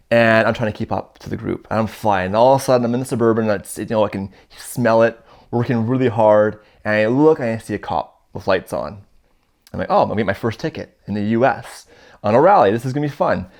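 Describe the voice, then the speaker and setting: Telling his own story casually as a guest, a Canadian man in his thirties speaks in a slightly low register with noticeable vocal fry. He's animated throughout and acts out whatever the people in the story said.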